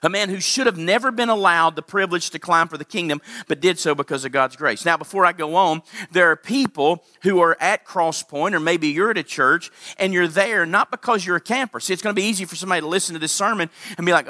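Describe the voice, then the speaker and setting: A man's voice: high voice, quick pace, few pauses, sharp tone, no echo, clean studio sound. A man preaching a sermon as pastor, talking straight to his congregation and punching his key lines. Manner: direct, speaks to the congregation.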